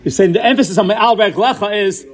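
A man's voice: sits high, fast talker. A man giving a Torah lesson, posing questions and answering them, weaving Hebrew terms into his English. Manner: inquisitive, poses questions then answers them; mixes Hebrew and Yiddish-style terms into English. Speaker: Torah teacher. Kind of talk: Torah class lecture.

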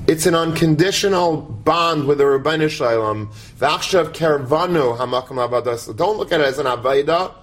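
A man giving a sermon, conversational and animated, often asking the audience to imagine. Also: a little high, fairly quick, hardly any pauses. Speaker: rabbi giving a talk.

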